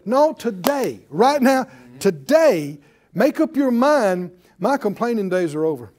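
A man preaching with a high, very lively voice that swoops up and down. He throws rhetorical questions at the congregation and acts out grumbling voices to make his point. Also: moderate pace. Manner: animated, rhetorical questions and acted-out complaining. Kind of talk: sermon.

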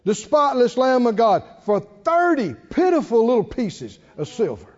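A preacher delivering a dramatic call-and-response sermon in a church. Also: male voice, extremely high pitch, wildly swooping pitch, a little slow, long reverb tail, dull audio.

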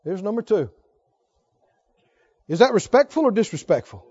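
A man's voice: high-pitched, big pitch swings, normal speed, darkish tone, slightly rough, dull audio. A male pastor preaching emphatically, often putting questions to his congregation. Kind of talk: sermon.

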